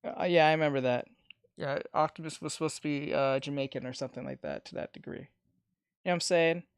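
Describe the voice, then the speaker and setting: Streamer, casual live-stream chat, animated rant, swears, dry close mic, mid pitch. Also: quick pace, smooth, no room sound. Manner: animated ranting with profanity, reads chat aloud.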